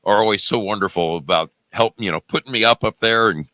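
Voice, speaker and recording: A man's voice: lowish voice, brisk, dry recording. A man hosting a live call-in show, effusive and full of laughter, thanking a caller. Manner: effusive, warm-hearted, laughing. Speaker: host.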